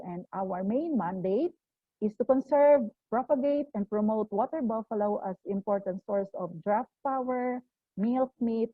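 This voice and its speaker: A woman's voice: medium pitch, no room sound. Woman giving a technical talk on a video call, lots of uh's, thin phone-like sound, dead dry. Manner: hesitant, many fillers and restarts. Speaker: conference presenter. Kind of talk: formal technical presentation. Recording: tinny phone-like online call audio.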